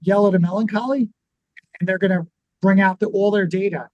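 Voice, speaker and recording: Animated man explaining with acted-out quotes. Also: high-pitched, brisk, no room sound, low-quality recording. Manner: animated, acts out quoted reactions. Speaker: podcast co-host. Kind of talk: conversational teaching.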